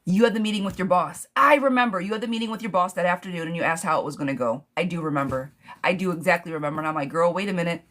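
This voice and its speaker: A woman doing a live tarot reading for viewers, answering them in a playful, gossipy way. Her voice sits on the low side and she calls everyone darling or girl. A faint background noise runs under the recording. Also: racing, a bit bright. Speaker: tarot reader.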